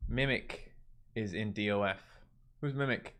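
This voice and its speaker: A Newfoundlander hosting a livestream talks casually with his regional accent, fielding viewer chat in a mostly empty, carpeted room. He speaks at a measured pace in a lowish, slightly bright voice.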